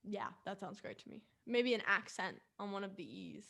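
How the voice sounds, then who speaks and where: A woman's voice: mid-range voice, lively intonation, normal speed, vocal fry, very noisy. A woman co-hosting a casual school podcast, playful and jokey, stretching words for emphasis. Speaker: podcast co-host. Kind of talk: casual group chat.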